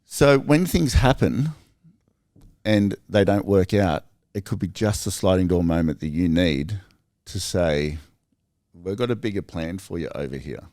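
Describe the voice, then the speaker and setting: A man with an Australian accent, telling stories in a casual podcast chat, rambling and animated with lots of fillers. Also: sits low, unhurried, no room sound, studio quality.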